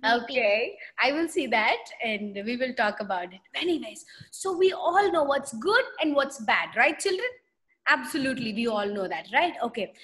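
A woman with a high voice leads a children's lesson over a video call. She tells a story and stops often to quiz the kids. She acts out the voices of the people in it. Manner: animated, asks children questions and acts out voices. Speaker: children's Sunday school teacher.

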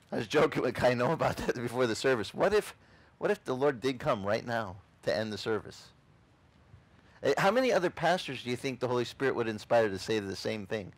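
Male pastor, animated and humorous, preaching outdoors and jumping into high voices for quotes. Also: poor audio. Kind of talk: sermon. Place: outdoor beach service.

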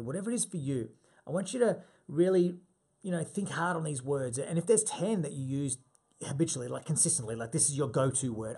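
A man's voice: mid-range voice, dark tone, slightly rough. A man coaching a group through an exercise, giving direct, repetitive instructions with fillers.

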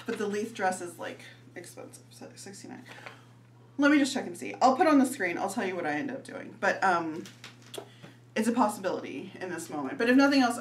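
A woman's voice: mid-range voice, slight background noise. A woman, chatting casually and giggling as she talks viewers through clothing prices in a fashion vlog. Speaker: fashion vlogger. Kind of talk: casual try-on haul chat.

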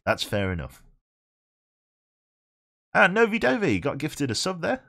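Chatting casually with viewers as he plays a game on a live stream, this young English man has a Birmingham accent, laughs often, swears freely, and pokes fun at himself. His fairly high voice swoops wildly in pitch at a measured pace, bright and forceful with vocal fry.

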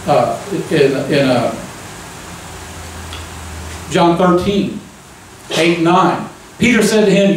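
A man's voice: a little high, animated, slow pace, pauses often, slight background noise. Folksy preacher man in echoey church. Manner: folksy, keeps asking the crowd "amen?". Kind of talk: conversational sermon. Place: church sanctuary. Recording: echoey church room, mic at a distance.

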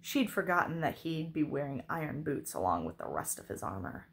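A woman reading a children's novel aloud, expressive. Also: sits low, fairly quick, creaky. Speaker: reader.

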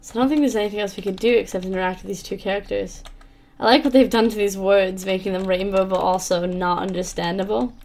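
A woman hosting a let's play, quietly reading game text and adding wry comments. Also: mid-range voice, fairly even intonation, fast.

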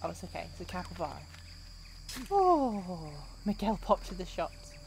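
A woman's voice: on the low side, quick pace, vocal fry, a little hiss or hum. A woman, chatting and joking to herself while streaming a video game. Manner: chatty, jokey, talking to herself. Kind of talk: casual gameplay commentary.

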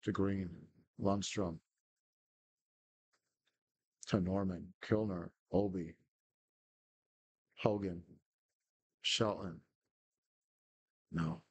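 A man's voice: deep voice, steady tone, very slow, long pauses, husky, no room sound. A man hosting a gaming podcast, giving casual live commentary on his football management game in terse name calls and frustrated curses. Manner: terse, calls out player names, swears when frustrated.

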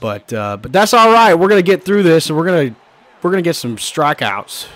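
A hoarse man giving casual, excitable commentary while playing a baseball video game, often swearing and shouting at the players. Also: on the high side, a little fast. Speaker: gaming channel host.

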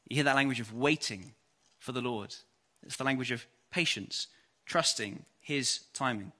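An English man preaching an earnest, measured evening sermon and reading scripture aloud. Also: mid-range voice, sharp tone.

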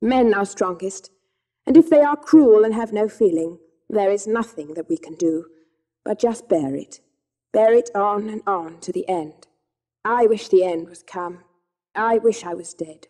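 A woman reading an audiobook voices a worn-out, despairing mare in a soft, low, weary tone. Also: a little slow, natural voice. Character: worn-out despairing mare, adult female horse.

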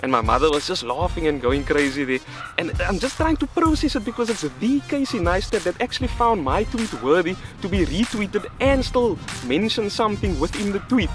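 Fast-talking young South African man. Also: high voice. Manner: excitable, rambling storyteller. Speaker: vlogger. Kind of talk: casual storytime vlog. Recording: background music under voice.

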